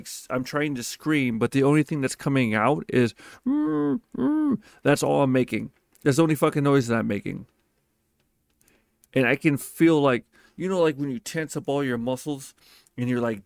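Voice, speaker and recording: A man tells a personal story in a loose, casual monologue, swearing freely and hitting his words hard with profane, animated emphasis. His pitch is an ordinary middle range, and he's recorded close and dry without any room sound.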